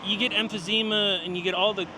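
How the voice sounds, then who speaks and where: A man's voice: high voice, steady tone, quick pace, background noise. Rambling man talking in a car. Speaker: local guide in a documentary vlog. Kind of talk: casual talk in a moving car. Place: in a car on a highway. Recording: played video with music over it.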